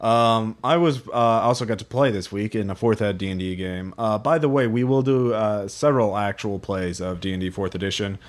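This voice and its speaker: A man co-hosting a casual tabletop gaming podcast, relaxed and chuckling as he shares game quotes and reads forum stories aloud. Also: fairly low pitch, brisk, hardly any pauses. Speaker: podcast co-host.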